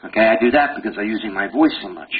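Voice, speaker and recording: An older man giving a lively pathology lecture, quizzing students with rapid questions and joking as he goes. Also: on the low side. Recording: dull lo-fi lecture recording with faint hiss.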